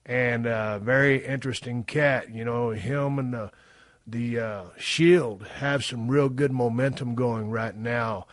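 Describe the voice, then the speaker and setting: A middle-aged man hosting a podcast, telling stories in a profane, folksy way that swings from low mumbles to loud bursts. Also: fairly even intonation, slow, dry recording, studio quality. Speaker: podcast host. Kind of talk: casual storytelling monologue.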